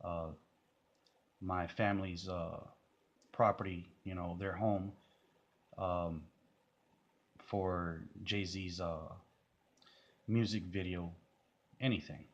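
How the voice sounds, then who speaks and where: A man's voice: low-pitched, steady tone, takes it slowly, long pauses, highs cut off. A man giving casual, rambling commentary on a music video, full of fillers and restarts.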